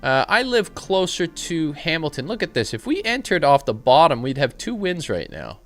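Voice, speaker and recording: A man hosting a live trading stream, trading irreverent jokes with his chat between quick remarks on his setups. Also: a little high, very animated, fairly bright tone. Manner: joking, irreverent banter mixed with trade commentary.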